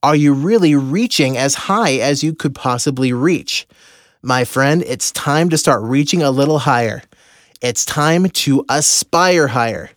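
A man telling a personal story as a motivational mentor, animated and acting out the voices of the people in it. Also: medium pitch, measured pace, no room sound, clean studio sound.

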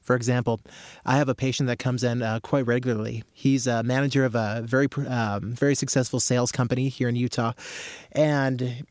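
A man explaining his therapy method in a casual talk, acting out little scenes with growing excitement. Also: medium pitch, no echo, studio quality. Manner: animated storyteller, acts out scenes with rising excitement.

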